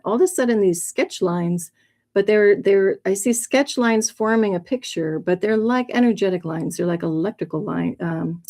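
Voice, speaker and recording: A woman hosting a livestream, telling a personal story in a casual, rambling way with many fillers and restarts, her voice jumping up when she gets excited. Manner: lively, jumps in pitch when excited. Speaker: livestream host.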